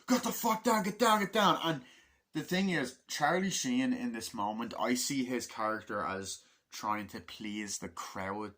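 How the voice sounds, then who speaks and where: Rambling, sweary man reviewing a film. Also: on the low side. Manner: rambling, swears a lot, acts out quotes in a raised shouting voice. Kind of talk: casual spoken film review.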